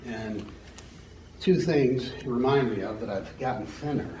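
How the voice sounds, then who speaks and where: A man's voice: medium pitch, a little slow, warm tone, slight background noise. A middle-aged American man giving an unscripted personal testimony at a church meeting, rambling and joking as he tells stories. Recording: echoey hall from a distance.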